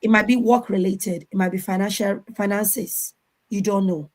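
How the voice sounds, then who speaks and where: A woman's voice: mid-range voice, steady tone, moderate pace, a little mellow, rough recording. A woman speaking on an online panel over a video call, giving earnest advice and sometimes repeating words as she looks for the next one. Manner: earnest, advising, repeats words while finding them. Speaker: conference panelist.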